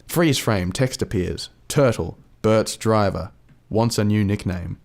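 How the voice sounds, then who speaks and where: A man with an Australian accent reading comedic script narration in a dry, deadpan way as a podcast host. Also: fairly low pitch, slow, creaky.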